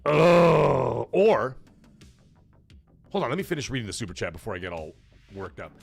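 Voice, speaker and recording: A man's voice: on the low side, very animated, brisk, husky, faint music behind. Chatty man hosting a live stream. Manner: chatty, joking, loose and profane; reads viewer messages aloud. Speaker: livestream host. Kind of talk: casual live-stream chat.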